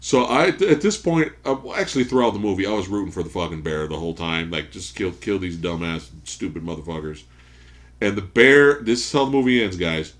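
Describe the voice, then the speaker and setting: A man co-hosting a casual podcast chat, telling stories in a profane, animated way and laughing often. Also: sits low, a little fast. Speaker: podcast co-host.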